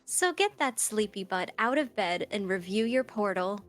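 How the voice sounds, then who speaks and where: A woman reading aloud the lines of a creepy, chirpy female research AI in a game, slow and deadpan. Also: medium pitch, faint music behind, natural voice.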